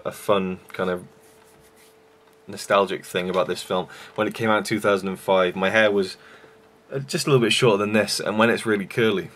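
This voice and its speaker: A man's voice: low-pitched, fairly bright tone. A young man reviewing a film in a rambling, enthusiastic way with many fillers. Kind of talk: casual vlog review.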